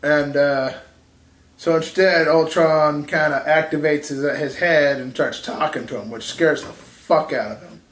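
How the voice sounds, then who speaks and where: A man's voice: a little high, echoey room. A man casually telling a made-up fight story, rambling and profane, laughing at his own jokes. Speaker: podcast co-host.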